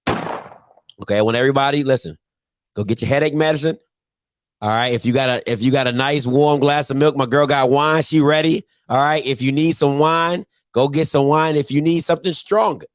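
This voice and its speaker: Playful high-voiced man hosting a stream. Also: a little hiss or hum. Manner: playful, joking, laughs often. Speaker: live stream host. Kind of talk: casual live show chat.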